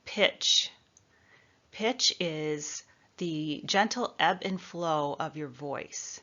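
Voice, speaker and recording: In an instructional talk on presentation skills, a woman from the American Midwest coaches in a clear, measured way. Her voice sits low with a sharp tone, and the recording's highs are cut off.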